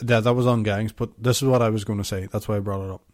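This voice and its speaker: Low-voiced man in casual banter. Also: steady tone, rapid-fire, darkish tone. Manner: rambling, swears, laughs often. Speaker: podcast co-host. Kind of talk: casual chat.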